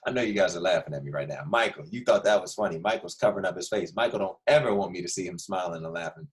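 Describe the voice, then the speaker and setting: A man's voice: sits low, animated, a little fast. A man teaching a second grade class online, upbeat and joking, talking straight to the children and calling on them by name.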